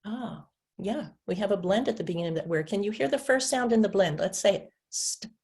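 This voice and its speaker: A fast-talking woman with a medium-pitched, creaky, darkish voice and lively intonation demonstrates speech sounds for teachers in a webinar. She patiently stretches and taps out individual sounds, playing both teacher and student by answering as her own learner.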